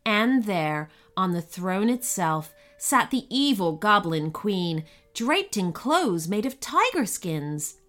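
A woman narrating a children's story with an expressive, unhurried reading. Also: mid-range voice.

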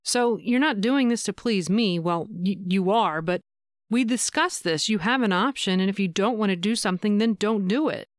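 A tender, reassuring man speaks gently to his partner, as a woman narrator puts him on. The voice is smooth and clean in a dry, close recording, patient and soft-spoken. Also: medium pitch, moderate pace, no echo, lightly acted. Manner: gentle, soothing explanations. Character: reassuring adult male lover, tender.

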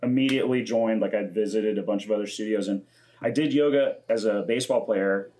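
Brisk and dark-toned, this man's fairly low voice belongs to a twentysomething podcast host. He keeps things casual and laid-back, curses frequently, and performs quotes as he talks.

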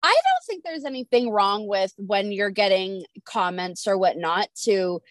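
A woman's voice: medium pitch, sing-song, measured pace, dry recording. A woman hosting a casual podcast, frank and casually swearing as she chats with her guest. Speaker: podcast host. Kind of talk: casual chat.

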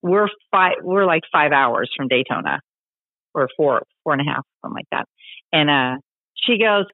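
A woman telling stories as a podcast guest, animated and chatty, acting out the voices of people she quotes. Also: medium pitch, normal speed, breathy edge, no echo. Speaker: podcast guest, long-distance motorcycle rider. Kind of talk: casual storytelling interview. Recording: tinny phone-like line, dry.

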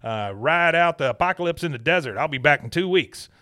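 A man's voice: on the high side, lively intonation, fairly quick, pushed and bright, voice pushed up. A man voicing a selfish, blustering older boss in a brash, raised voice, retelling a cartoon scene. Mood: hurried.

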